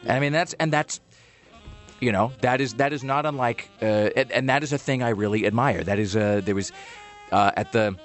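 A man hosting a podcast in casual chat, rambling and animated, with many restarts and fillers. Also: medium pitch, moderate pace, soft background music. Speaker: podcast host.

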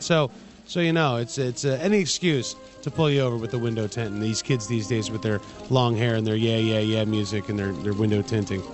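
A man co-hosting a radio show, reading news items with jokey sarcasm. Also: medium pitch. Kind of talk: casual radio banter.

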